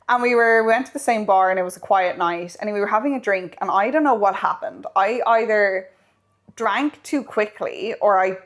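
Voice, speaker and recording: Animated storytelling woman podcaster. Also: medium pitch, normal speed. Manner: animated, acts out quoted lines, swears casually. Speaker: podcast co-host. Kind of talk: casual storytelling chat.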